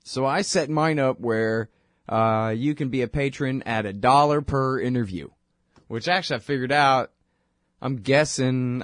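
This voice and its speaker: A man hosting his own radio show, talking in a rambling, wry, conversational way full of quick asides. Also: mid-range voice, dry recording, clean studio sound. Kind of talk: casual monologue.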